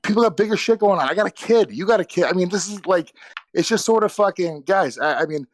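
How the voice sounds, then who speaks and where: A man's voice: high voice, lively intonation, fast. A man guest on a podcast, arguing insistently and profanely, cutting in and restarting his sentences. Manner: insistent, talks over others, many restarts, profane. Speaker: guest comedian. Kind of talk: heated podcast argument.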